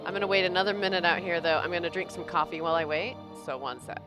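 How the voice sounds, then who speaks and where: A woman's voice: fairly low pitch, fairly even intonation, fast, over music. A young American woman streaming a game, chatting casually with her viewers and laughing often. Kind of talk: casual live-stream chat while playing.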